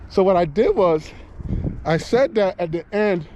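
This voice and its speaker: A man vlogging while bass fishing outdoors, talking casually and excitedly, often repeating himself. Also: unhurried, lo-fi sound, a little hiss or hum. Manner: excited, drawling, repeats phrases. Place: outdoors on the water.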